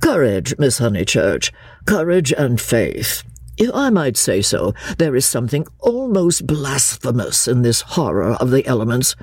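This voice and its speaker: A reader voicing a pompous male chaplain who lectures slowly and solemnly. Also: mid-range voice, big pitch swings, husky, no room sound. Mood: lecturing. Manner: slow, lecturing delivery.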